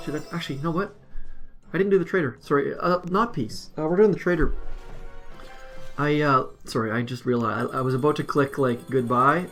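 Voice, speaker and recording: A man's voice: a little high, fairly quick, a bit bright, soft background music. A man casually commenting as he plays a mobile strategy game, rambling and self-deprecating. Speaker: mobile game video host.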